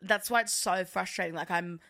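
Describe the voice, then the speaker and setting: A young woman co-hosting a casual podcast chat, animated and laughing, with lots of fillers. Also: lowish voice, moderate pace, creaky. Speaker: podcast co-host.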